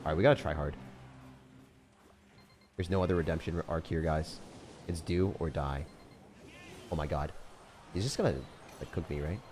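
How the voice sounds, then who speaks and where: A man streaming gameplay, chatting casually with viewers in a slangy way, with sudden loud excited outbursts. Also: rumbling low, normal speed, pauses often, a little hiss or hum. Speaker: gaming streamer.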